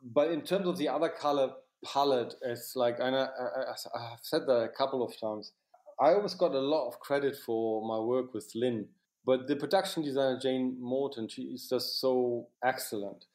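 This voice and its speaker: A man's voice: medium pitch, normal speed, darkish tone. A man, a cinematographer, recalling his work in an interview, often restarting sentences and filling with "you know". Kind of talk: reflective interview recollection.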